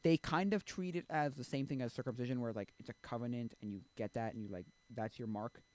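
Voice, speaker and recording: A man's voice: mid-range voice, fast. A man streaming, talking casually about faith in a rambling way, often stopping and restarting his sentences and acting out quotes with sudden lift. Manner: rambling, self-interrupting, many fillers; animated when acting out quotes.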